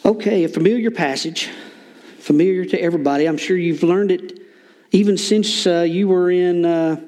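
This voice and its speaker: A man's voice: high voice, normal speed, darkish tone. An older man preaching an informal sermon in a church, folksy with joking asides and lots of fillers. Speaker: lay preacher.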